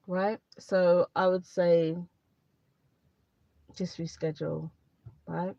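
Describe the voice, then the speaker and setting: A woman's voice: fairly low pitch, little pitch movement, takes it slowly, vocal fry, long pauses, dark tone, no echo. A woman chatting candidly on a livestream, rambling a little and repeating herself as she gives advice. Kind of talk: casual live chat to viewers. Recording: dry, slightly dull lo-fi sound.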